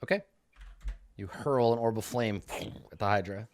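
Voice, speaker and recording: A man's voice: lowish voice, moderate pace. A man running a tabletop game as game master, narrating the action and rolling for monsters.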